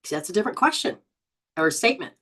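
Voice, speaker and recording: Lively woman host with a lowish voice. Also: fast. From Southern Hemisphere. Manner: animated, exclaims and laughs often; spiritual coaching, rambling with restarts. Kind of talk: live-stream chat reading viewer comments.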